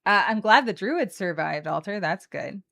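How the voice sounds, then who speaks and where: A woman's voice: medium pitch, expressive, moderate pace, gravelly, pushed and bright. A woman co-hosting a card game stream, chatting playfully and reading card text aloud. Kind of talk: casual chat opening card packs.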